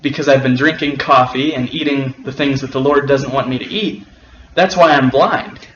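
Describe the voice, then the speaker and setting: A man quoting a preachy old woman, speaking slowly and insistently. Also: medium pitch, fairly even intonation, a bit bright, natural voice. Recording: roomy, dull and slightly noisy.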